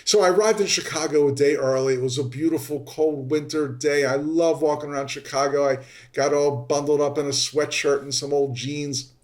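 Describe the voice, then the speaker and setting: A man hosting a podcast, telling a story in an animated way and jumping high in pitch when he acts out his exasperation. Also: normal speed, hardly any pauses. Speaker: podcast host. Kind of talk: storytelling monologue. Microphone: podcast microphone.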